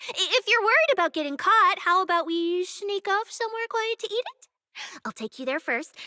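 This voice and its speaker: A bubbly, teasing young security agent with a very high voice. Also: female voice, lively intonation, a little fast, sharp tone, no echo, exaggerated voice. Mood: playful. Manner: playful, teasing, food-obsessed. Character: bubbly greedy young female public security specialist. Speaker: game character. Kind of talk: video game dialogue. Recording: game audio with music behind.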